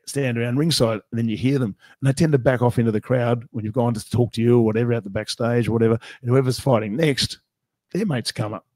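An Australian man hosting a casual podcast, a joking storyteller who chats quickly about fights he has commented on. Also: medium pitch, darkish tone, no room sound.

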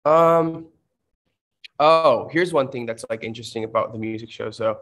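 A man's voice: mid-range voice, moderate pace, fairly bright tone. Chatty man in his thirties. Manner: chatty storytelling, many fillers. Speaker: guest artist answering fan questions. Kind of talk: casual livestream chat.

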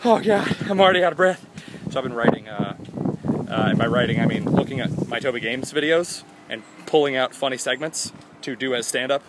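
Outdoors by his house, a young man vlogs in a goofy, rambling way, joking, jumping between topics, and putting on silly voices. His medium-pitched, expressive voice is brisk, and there's heavy background noise.

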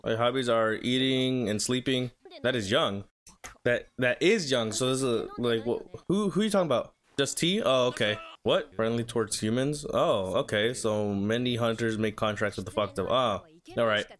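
A man's voice: mid-range voice, moderate pace. Chatty man talking back to his screen. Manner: chatty, talks back to the screen, reads subtitles aloud. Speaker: reaction video host. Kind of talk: casual anime reaction commentary.

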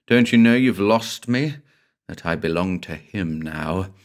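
A man's voice: deep voice, lively intonation, unhurried. A man voicing a terrified, half-possessed young woman who babbles and sobs. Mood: fevered. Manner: babbling, sobbing, pleading.

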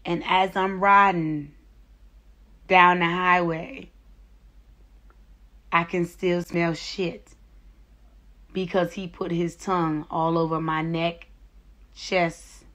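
With a lowish voice and a slow delivery full of long pauses, a young woman recounts a comic story. She's brash, profane and animated, acting out the voices of everyone involved.

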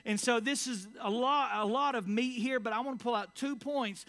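A man preaching a sermon in church in a casual, conversational way, full of fillers, sometimes dropping to a quiet, low voice for emphasis. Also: normal speed. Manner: conversational preaching with many "like" and "all right" fillers. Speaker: pastor. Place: church sanctuary.

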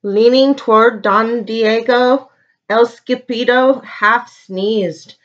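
A woman preschool teacher reads a picture book aloud, slowly and expressively. Her voice is on the higher side. The recording sounds dull and lo-fi. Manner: slow, expressive storytelling.

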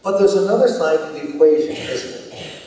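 A man's voice: on the high side, animated, normal speed, warm tone. A man preaching a sermon as pastor, telling the story in a conversational way and asking the congregation questions. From United States. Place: church sanctuary. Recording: echoey church hall, distant mic.

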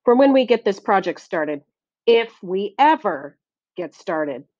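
A woman doing a grumbling gruff foreman. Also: mid-range voice, big pitch swings, measured pace, a little mellow, dry recording, lo-fi sound. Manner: grumbling, indignant, rough grammar. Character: gruff bald male construction foreman, irritable. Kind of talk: audiobook character voice.

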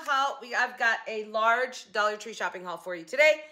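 A woman with a bright, somewhat high voice chats to her viewers from her home kitchen, recorded on a phone. She rambles and breaks off her own sentences as she talks. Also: lively intonation, moderate pace, slight background noise. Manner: chatty, rambling, self-interrupting. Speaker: channel host. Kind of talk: casual haul vlog chat. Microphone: phone camera.

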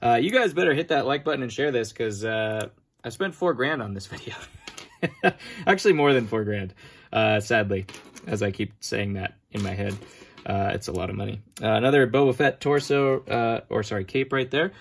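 A man's voice: mid-range voice, normal speed, creaky, a little hiss or hum. A man chatting casually to his viewers as he sorts through a big toy haul, joking at his own expense as he goes. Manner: chatty, self-mocking, sorting items while talking. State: standing for a long time, back sore. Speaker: toy collector vlogger. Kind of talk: casual unboxing commentary.

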